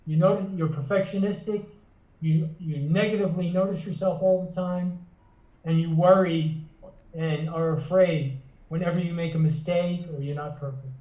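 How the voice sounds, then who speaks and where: Heard from a distance in a reverberant room, this man, a psychotherapist and author, gives earnest, instructive answers in an interview and frequently restarts his phrases. His voice is a little high and warm, with a steady tone at a moderate pace.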